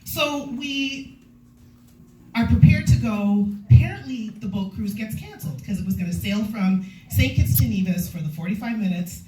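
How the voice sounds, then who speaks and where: A woman's voice: mid-range voice, moderate pace. A young adult woman performing a stand-up comedy set, telling stories and acting out quotes. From Canada. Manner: animated storytelling, acting out quotes. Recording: echoey room from far off.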